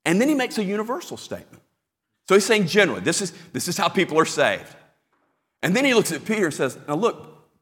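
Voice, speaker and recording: Guy preaching a sermon, really animated delivery, voice bouncing around a big echoey hall. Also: on the high side, breathy edge. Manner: animated preaching with emphatic repetition. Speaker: pastor. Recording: long hall reverb.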